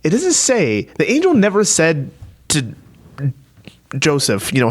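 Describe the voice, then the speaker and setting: A man co-hosting a casual faith podcast, retelling a Bible story with animated asides and frequent laughter. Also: on the high side, a little slow. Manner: storytelling, animated, laughs often, acts out quotes. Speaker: podcast co-host.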